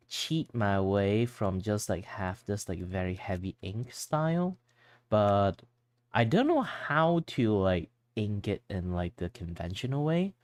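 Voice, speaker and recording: A low-pitched man chats casually while he draws live on stream. He rambles, leans on filler words and lets his thoughts trail off. The sound is dry and close, with no room in it. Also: a little mellow, no room sound. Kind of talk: casual chat while drawing.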